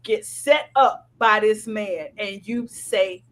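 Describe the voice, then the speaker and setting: A woman with a mid-range, slow voice co-hosts a podcast, recapping a TV episode in casual chat. She scolds the characters emphatically.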